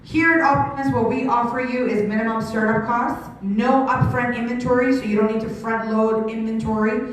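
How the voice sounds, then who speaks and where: A woman in her sixties, giving an energetic business pitch to a live audience on a handheld mic, her voice strained from shouting. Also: far from the mic, a little hiss or hum. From Canada. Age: 60s. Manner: energetic, rapid questions to the crowd. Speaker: sales presenter. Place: large room with an audience. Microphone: handheld microphone. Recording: very echoey hall, mic from afar.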